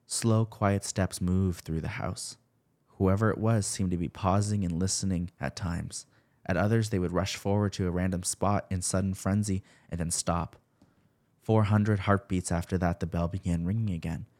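A young man narrating a horror story slowly and steadily, raising his voice for the shouted lines. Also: deep voice, fairly even intonation. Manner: slow, measured storytelling with shouted character lines. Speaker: podcast host reading a creepypasta.

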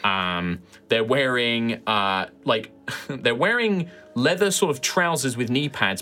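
A man's voice: lowish voice, pushed and bright. A man running a tabletop game as game master, describing characters with many ums and likes.

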